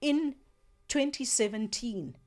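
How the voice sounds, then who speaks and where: A woman's voice: fairly high pitch, takes it slowly, darkish tone. A woman hosting a radio talk show, speaking earnestly and emphatically as she thinks aloud in the studio.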